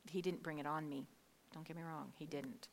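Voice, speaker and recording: A middle-aged woman giving a candid, emotional personal testimony, telling her story with animated asides and quoted dialogue. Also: sits low, brisk. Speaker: guest speaker sharing her testimony.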